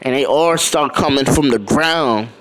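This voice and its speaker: A man's voice: mid-range voice, unhurried, a little hiss or hum. Man rambling through a fan story. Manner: animated, loose and rambling. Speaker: channel host. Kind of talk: casual fan-fiction storytelling.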